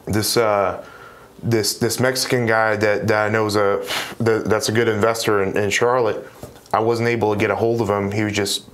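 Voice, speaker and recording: A man in his twenties, a real estate investor guest, telling a story in a casual, animated way. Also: lowish voice, normal speed. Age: 20s. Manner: animated, acts out quoted dialogue.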